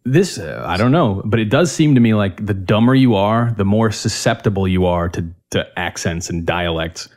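Casual podcast co-host: a man with a lowish voice, blunt, opinionated, swears a lot. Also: moderate pace, hardly any pauses, darkish tone. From northern United States. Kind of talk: casual chat.

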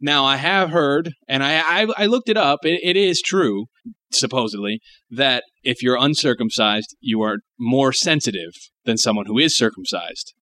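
Bright-voiced young man ranting crudely. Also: mid-range voice, expressive, normal speed. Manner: profane, emphatic ranting. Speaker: podcast co-host. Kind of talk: crude casual chat.

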